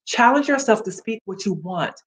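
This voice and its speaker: A woman's voice: mid-range voice, lively intonation, moderate pace. A woman hosting a motivational livestream, encouraging viewers directly with a preachy, upbeat manner. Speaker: livestream host. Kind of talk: casual motivational livestream talk.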